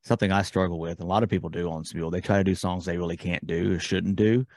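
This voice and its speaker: A man in casual podcast chat, speaking in a measured, earnest way. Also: deep voice, steady tone, darkish tone, dry recording.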